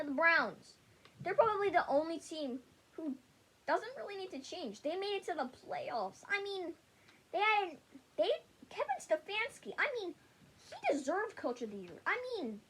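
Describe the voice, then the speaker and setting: A woman's voice: very high-pitched, a little hiss or hum. A woman giving a casual sports opinion rant, blunt and rambling, who often stumbles and restarts her sentences. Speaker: sports vlogger.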